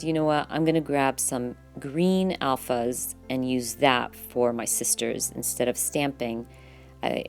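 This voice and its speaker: A woman vlogger narrating her journaling process in a relaxed, chatty voice-over, full of fillers and quick self-corrections. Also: very deep voice.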